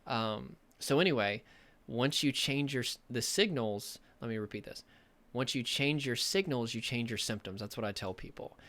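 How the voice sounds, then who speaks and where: Brief: male recovery coach, motivational talk to camera, earnest and emphatic, mid-pitched voice. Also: animated, moderate pace, fairly bright tone.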